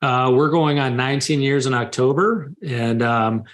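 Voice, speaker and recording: A man's voice: mid-range voice, normal speed. Candid man telling his story. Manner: open, confessional, animated when retelling scenes. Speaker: guest.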